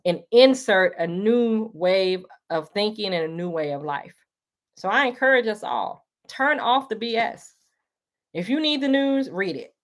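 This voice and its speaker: At a measured pace, a woman with an animated, mid-range voice hosts a livestream, delivering a casual monologue. She's earnest and preachy toward her listeners, calling them y'all, and emotional enough to tear up.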